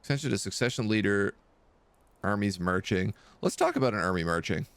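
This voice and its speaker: A man talks through a video game stream, his pitch jumping up and down as he chats and reads the on-screen lines aloud. The sound is dry and close to the mic. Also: animated, a little fast, a bit bright, smooth, no echo. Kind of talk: casual game commentary.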